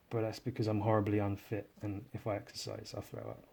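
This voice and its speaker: A man's voice: lowish voice, level tone, brisk, creaky, few pauses. Sarcastic Englishman rambling while drawing. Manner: sarcastic, self-mocking, often trails off quietly. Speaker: artist hosting a drawing podcast.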